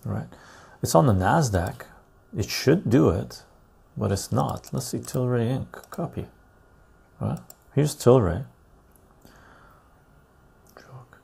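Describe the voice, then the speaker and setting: A man hosts a casual live stream, thinking aloud as he pulls up stock charts. His voice is heavily gravelly and dark, with a husky edge. He mutters while he searches and keeps checking in with his viewers. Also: mid-range voice, lively intonation, slow, pauses often.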